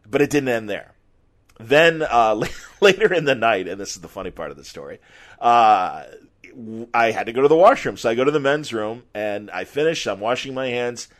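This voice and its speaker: Male podcast host, middle-aged, casual animated storyteller. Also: mid-range voice, normal speed. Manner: animated, acts out quotes. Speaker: podcast host and former sports reporter.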